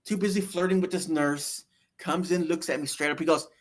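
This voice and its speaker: A man's voice: fairly high pitch, fairly even intonation, fairly quick. A man telling his near-death story in a casual, rambling way, with many fillers and restarts. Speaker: guest sharing a near-death experience.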